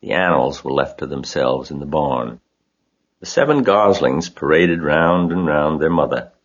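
A man narrating an audiobook in a steady, gentle storytelling manner. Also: extremely low pitch, moderate pace. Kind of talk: audiobook reading. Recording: dull lo-fi recording.

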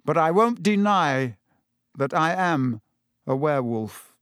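A man reading an audiobook voices a calm, weary middle-aged male teacher who speaks in a measured, patient way. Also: fairly high pitch, smooth, no room sound, clean studio sound.

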